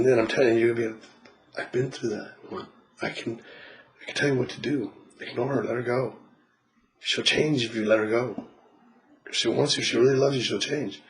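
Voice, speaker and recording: This spiritual reader speaks in a medium-pitched voice at a normal speed, giving a client a casual reading full of blunt remarks, free swearing, laughter, and acted-out quotes. The recording quality is low.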